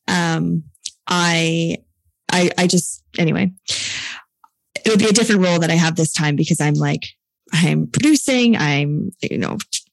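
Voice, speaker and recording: A young woman talks through a story in a loose, chatty way, dropping "like" constantly and laughing often. Her voice sits a little low for a woman. The sound is close and dry, with no room in it. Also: gravelly, dry recording, low-quality recording. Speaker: filmmaker and producer. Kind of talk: casual storytelling chat.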